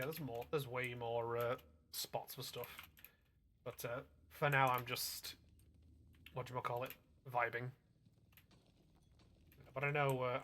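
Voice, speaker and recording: Chatting casually while he streams a game, a man from Northwest England uses a mid-range, bright and forceful voice, recorded with slight background noise. His explanations drift into rambling asides stuffed with filler.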